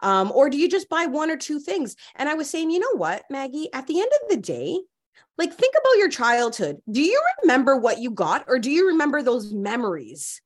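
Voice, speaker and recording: A woman with a fairly high voice hosts a casual chat. She sounds upbeat and keeps the talk moving with questions. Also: big pitch swings, a little fast. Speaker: host.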